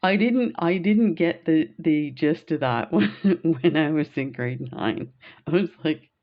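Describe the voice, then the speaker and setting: This Canadian beading vlogger has a low voice and talks a little slowly, and the sound is lo-fi. She tells stories in a chatty, wandering way as she beads, laughing often.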